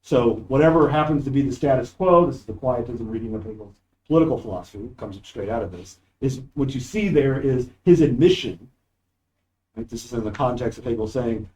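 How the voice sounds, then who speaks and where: A man's voice: mid-range voice, brisk, a little mellow, rough recording. A man giving a university philosophy lecture in a classroom, talking in an emphatic, discursive way, recorded without a proper microphone. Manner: discursive, emphatic, reads quoted passages aloud. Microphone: no microphone, audio cleaned up after.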